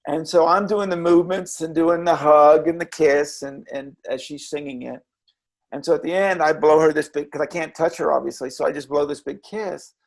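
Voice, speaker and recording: Male guest, reflective storyteller, a bit high, gravelly, earnest and halting. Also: steady tone. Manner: earnest, halting with repeated restarts. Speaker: interview guest, former children's character performer.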